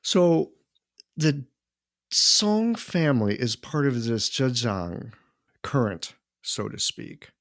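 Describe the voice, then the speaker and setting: A man's voice: mid-range voice, sing-song, slow pace, no room sound. A male podcast host who thinks aloud as he shapes his questions. He has a mid-range voice and a casual, loose way of phrasing. The recording is dry and close to the mic. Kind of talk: conversational interview.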